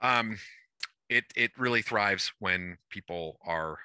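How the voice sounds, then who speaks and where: A man organizing a tabletop game and explaining its rules in a relaxed, rambling way, often restarting as he thinks aloud, heard over an online call. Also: lowish voice, slow, clear, resonant tone, no room sound.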